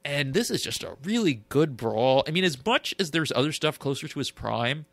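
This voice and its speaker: A man co-hosting a podcast in casual chat, thoughtful and halting as he recalls details. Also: a little high, very animated, creaky, no room sound. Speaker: podcast co-host.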